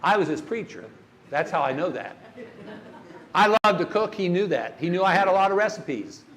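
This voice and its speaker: A man's voice: high voice, lively intonation, moderate pace, a bit bright. An older man giving a church workshop talk on grief, folksy and storytelling, asking the audience questions.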